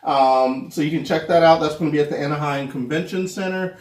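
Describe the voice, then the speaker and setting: A man's voice: fairly high pitch, brisk. A man hosting a casual pop culture chat, joking and rambling with lots of ums, recorded from a distance in an echoey room. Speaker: show host.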